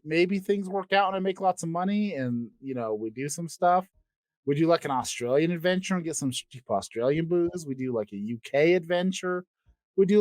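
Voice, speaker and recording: Co-host, male, a little high-pitched, loose rambling chat with lots of restarts and casual swearing, recorded dry and close. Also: dry recording. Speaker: podcast co-host.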